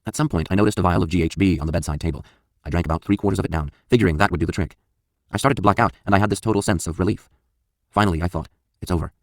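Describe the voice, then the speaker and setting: Deep fast-talking male audiobook narrator. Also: no room sound, studio quality. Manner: blunt, confessional, profane. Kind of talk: first-person memoir audiobook reading.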